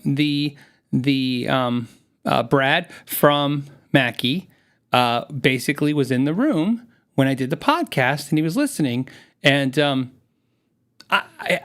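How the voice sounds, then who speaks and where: A man's voice: on the high side, fairly bright tone. Chatty, rambling man hosting a live podcast. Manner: chatty, rambling, laughs often. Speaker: podcast host. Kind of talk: casual live-stream chat. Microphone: studio mic with headphones.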